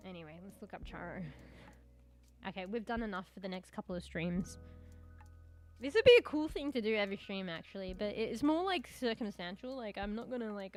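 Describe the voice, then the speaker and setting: An Australian woman chats on a live stream in a loose, rambling way, with casual swearing and little chuckles. Her voice sits at an ordinary middle pitch for a woman. Soft music plays faintly behind her. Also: expressive, a little fast. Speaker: VTuber streamer.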